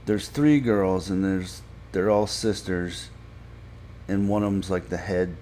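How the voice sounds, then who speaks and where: A man casually recapping a TV episode for a podcast, halting with frequent fillers and restarts. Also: sits low, a little mellow, slight background noise. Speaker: podcast reviewer.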